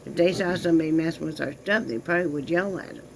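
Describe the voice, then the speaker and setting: Talking quickly to her viewers from home, a vlogger with a gravelly edge and middle-range pitch keeps breaking into cooing baby talk aimed at her small dog. The audio is poor, with faint room noise in the background.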